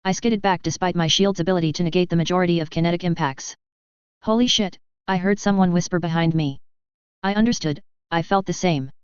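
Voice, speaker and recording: A woman reading a first-person fan fiction story aloud in a steady narrating voice. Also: on the low side, quick pace, clear, resonant tone, dry recording. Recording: dull lo-fi dry recording.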